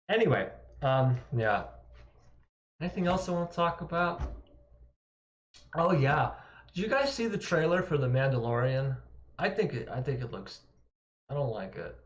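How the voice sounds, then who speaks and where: Slow, rambling man on a lo-fi live stream. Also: mid-range voice. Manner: rambling, self-mocking, laughs often. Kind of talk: casual live-stream chat. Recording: roomy, dull lo-fi sound.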